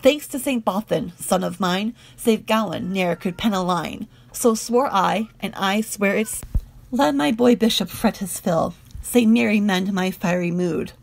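A woman reading narrative poetry aloud in a measured, rhythmic way. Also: mid-range voice, vocal fry. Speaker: audiobook reader.

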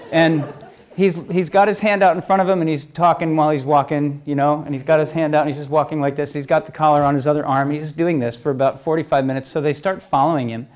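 A middle-aged man telling a story at a talk, lively, moving between loud and soft passages. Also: a little high, fast. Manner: lively storyteller, swings loud and soft, acts out quoted voices. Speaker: speaker telling stories at a talk.

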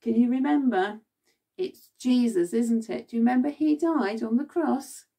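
A woman's voice: a little high, normal speed, gravelly, warm tone, far from the mic. A woman leading a children's Bible club, telling the story expressively and asking the children questions.

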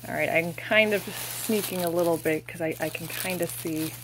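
A young woman gushing softly as she unboxes plush toys, with breathy exclamations and a casual, fond way of talking. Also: on the low side, moderate pace, noisy background.

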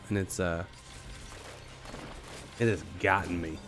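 A man with a cold, coughing now and then while casually commenting on his live gameplay and chatting to teammates and viewers. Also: sits low. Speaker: gaming streamer.

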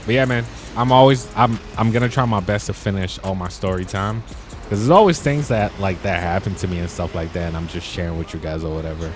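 A young man telling stories in a casual, slangy way while commenting on his gameplay, getting excited as he talks. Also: sits low, fairly quick, soft background music. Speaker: gaming YouTuber.

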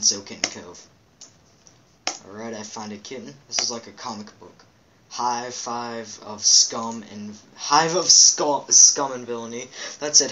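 A man's voice: on the low side, heavy background noise. A man hosting a let's play, reading game captions aloud with goofy asides and playful quack and meow noises. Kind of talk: casual game commentary.

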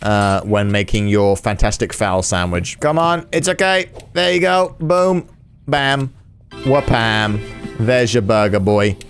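A man's voice: lowish voice, fairly even intonation, takes it slowly, faint music behind. A man giving casual gameplay commentary with exaggerated reactions, sarcasm and swearing. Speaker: gaming channel host.

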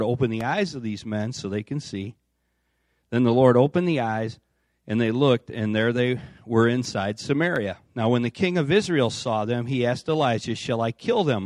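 A man's voice: mid-range voice, a little mellow, no room sound. Conversational male pastor, dry sound. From United States. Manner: conversational, reads aloud with asides. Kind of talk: informal sermon with scripture reading. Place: church.

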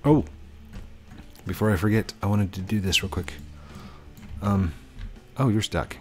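A man hosting a gaming video, commentating in an excitable, rushed and joking manner. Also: on the low side, faint music behind. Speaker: gaming channel host. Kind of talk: game commentary.

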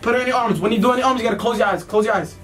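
A young man in his twenties hosts a casual prank vlog at home, teasing and excitable in his delivery. He sounds a little away from the mic, with faint music underneath. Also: very high voice, rapid-fire, recorded from a distance. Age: 20s. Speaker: vlogger pranking children.

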